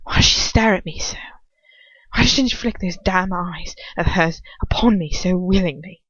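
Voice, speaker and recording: A woman's voice: lowish voice, moderate pace, a bit bright, dry recording, dull audio. A woman voicing a bitter aristocratic wizard man in whispered role-play, hissing a venomous inner monologue. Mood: seething.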